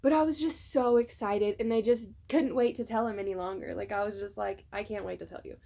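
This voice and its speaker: A young woman tells a personal story to her phone camera at home, rambling with lots of fillers. Her voice has a noticeable gravelly fry, and at times she turns tearful. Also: mid-range voice, a little fast, dark tone. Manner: chatty storytelling with many fillers. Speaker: vlogger. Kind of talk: casual personal vlog. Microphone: phone on a tripod.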